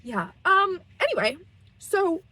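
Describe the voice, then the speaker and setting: A woman's voice: extremely high pitch, big pitch swings, slow pace, sharp tone, rough recording. A young woman chatting to camera from her parked car, rambling and self-deprecating with giggles. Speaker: vlogger. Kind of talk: casual rambling monologue.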